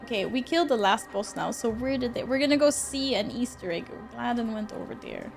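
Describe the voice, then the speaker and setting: High-pitched woman streamer, chatty and expressive, faint game music under her. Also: a little fast, vocal fry. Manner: chatty, reacts to chat and thanks tippers; expressive, often laughing. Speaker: livestreamer. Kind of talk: casual live-stream chat with viewers.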